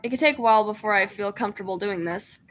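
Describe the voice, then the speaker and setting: A shy new club member speaks hesitantly and self-consciously, never quite sure of herself, as a woman reads her lines in her own voice. The voice sits at a plain middle pitch over faint background music. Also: steady tone, brisk, a bit bright, lightly acted. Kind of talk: reading game dialogue aloud.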